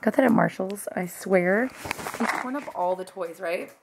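A woman's voice: mid-range voice, moderate pace, vocal fry, noisy background. Bubbly young woman rambling to camera. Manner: bubbly, rambling, talks to her dogs in a baby voice. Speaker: fitness vlogger. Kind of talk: casual vlog chat to camera. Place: at home.

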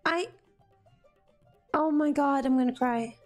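A woman's voice: high voice, takes it slowly, faint music behind. A woman giving casual gameplay commentary, exasperated and dramatic, laughing at her own struggles. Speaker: gamer playing through a cooking game.

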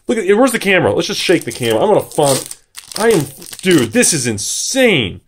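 A young man giving excitable unboxing commentary, swearing and shouting in disbelief. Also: a little high, brisk, husky. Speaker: card box opener.

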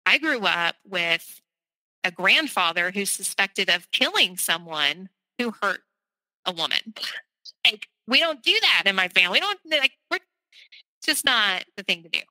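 A woman, telling her personal story as a podcast guest in a vivid, animated way. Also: medium pitch, unhurried, no echo, low-quality recording. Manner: animated, vivid retelling with quoted voices.

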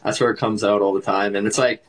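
A man's voice: fairly low pitch, level tone, fast talker, slight background noise, low-quality recording. A man with a Canadian accent chatting casually on a livestream, laid-back and laughing often, with lots of "like". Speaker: livestream host.

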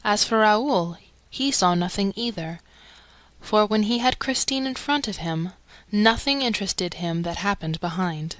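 A woman narrating an audiobook in a steady, clear reading. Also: medium pitch, a little slow, dry recording. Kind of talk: scripted narration.

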